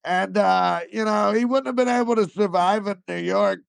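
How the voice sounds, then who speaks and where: A man's voice: high-pitched, normal speed, gravelly, no echo. A man co-hosting a podcast, cracking sarcastic, crude jokes in casual chat. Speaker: podcast co-host.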